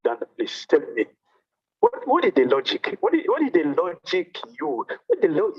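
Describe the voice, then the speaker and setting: A playful, defiant holy man questions and shrugs off any fuss, his voice climbing high, as a man voicing him in a sermon. The sound is dull and lo-fi. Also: husky, full character voice. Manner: pleading and dismissive questioning. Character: carefree playful male divine saint, defiant.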